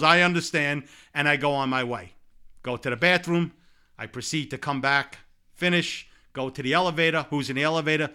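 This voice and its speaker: A man telling a long, lively personal anecdote in casual conversation, laughing along as he goes. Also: on the high side. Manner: animated anecdote-telling with laughs and repeated "blah, blah". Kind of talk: casual storytelling chat.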